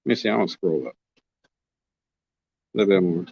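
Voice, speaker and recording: Here the Oklahoma man is again on his fishing livestream by a lake, casually reading viewer comments aloud and trading jokes. He speaks low and brisk with an expressive, husky, darkish tone and vocal fry, and the audio is dull but free of echo.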